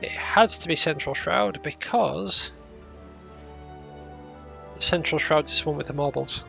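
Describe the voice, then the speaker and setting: Gravelly, jokey man playing a game. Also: fairly high pitch, unhurried, pauses often, pushed and bright, soft background music. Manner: rambling, self-mocking jokes. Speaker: game streamer. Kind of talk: casual gameplay commentary.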